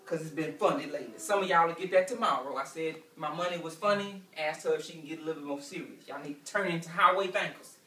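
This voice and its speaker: Stand-up comic, man, high bright voice, rambling repetitive delivery, room echo and distant pickup. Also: fast, hardly any pauses. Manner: loose, repetitive storytelling with asides to the crowd. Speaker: stand-up comedian. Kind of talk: stand-up comedy routine. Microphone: camera from a distance. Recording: echoey room picked up from afar.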